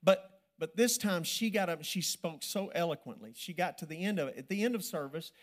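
Man preaching a sermon, rising to loud emphasis. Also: sits high, fairly quick.

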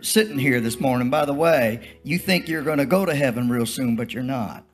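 A man's voice: medium pitch, moderate pace, hardly any pauses, soft background music. An older man preaching a testimony-style sermon, telling stories in a folksy, rambling, repetitive way. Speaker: traveling preacher.

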